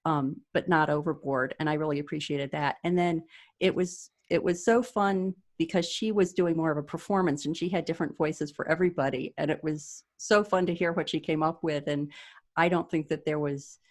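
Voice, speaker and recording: A woman with a somewhat low voice, interviewed as an author. She talks in a measured, explanatory way and relaxes into anecdotes as she goes. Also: steady tone. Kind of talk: casual interview chat.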